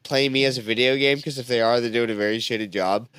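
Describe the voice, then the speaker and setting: Rambling man, smooth dry voice. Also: medium pitch, fairly even intonation, quick pace, a bit bright, no room sound. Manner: rambling, full of "like" fillers. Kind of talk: casual chat.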